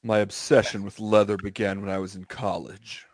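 A man's voice: on the low side, level tone, normal speed, no echo. A man hosting a comedy podcast, reading a story aloud with stiff delivery, tripping over words and swearing casually.

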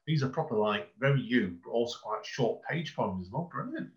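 A man's voice: mid-range voice, expressive, fairly quick, muffled recording. A man hosting a podcast who chats enthusiastically, rambles and repeats his words. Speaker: podcast host. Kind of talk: casual interview chat.

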